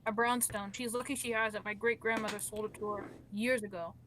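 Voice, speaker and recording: A woman's voice: mid-range voice, steady tone, a little fast, crowd noise. A woman making up a story on the spot in casual chat, rambling with restarts and asides. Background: guitar music.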